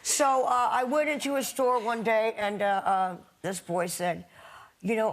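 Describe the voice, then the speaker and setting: A woman's voice: mid-range voice, measured pace. A woman in an archive interview telling an anecdote in a dry, wry way.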